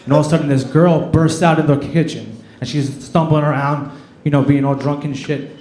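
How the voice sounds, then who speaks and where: A man's voice: fairly high pitch, steady tone, fairly quick, darkish tone, a little hiss or hum. A man doing a stand-up set on a comedy club stage, telling self-deprecating stories into a handheld mic. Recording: echoey club room.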